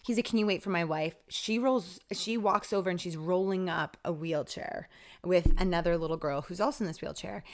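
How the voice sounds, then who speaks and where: A woman with a somewhat low voice speaks as a podcast guest. She tells a personal story casually and with energy. She acts out what people said along the way. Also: brisk. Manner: lively, acts out quoted dialogue.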